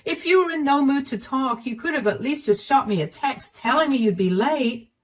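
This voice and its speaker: A woman's voice: sits high, lively intonation, normal speed, far from the mic, pitched above the performer's own voice. A woman voicing a hurt young wife who confronts her husband in agitated, pleading outbursts. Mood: frantic. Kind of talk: storytelling dialogue.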